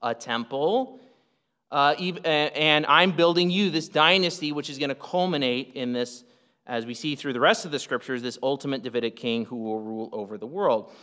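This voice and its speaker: Bright-voiced male pastor preaching in a hall. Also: mid-range voice, normal speed. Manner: emphatic, explanatory, with frequent restarts. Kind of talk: sermon.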